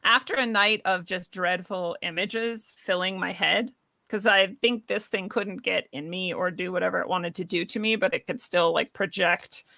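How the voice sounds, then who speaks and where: A young woman interviewed as a guest, telling a personal story in a lively way, laughing often and acting out what people said. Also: on the low side, moderate pace, gravelly, dry recording. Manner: animated, laughs often, acts out quoted voices. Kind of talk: conversational storytelling.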